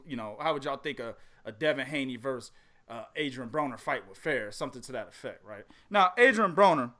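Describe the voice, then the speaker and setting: A man hosting a podcast in casual chat, animated and laughing often as he trash-talks in a profane way. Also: medium pitch. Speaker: podcast host.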